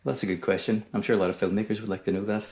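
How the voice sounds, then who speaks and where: A Northern Irish man, a guest on a podcast, chats casually in a low, calm voice. His speech is quick yet smooth, soothing and even.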